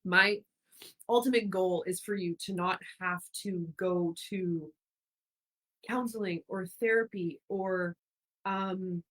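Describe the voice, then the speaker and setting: A woman's voice: on the low side, fairly even intonation, slow pace, a bit bright, low-quality recording. Woman host, from Ontario, casual and effusive, rambling with plenty of fillers. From Ontario, Canada. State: getting emotional. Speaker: host of a speaker series. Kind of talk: casual live-stream monologue.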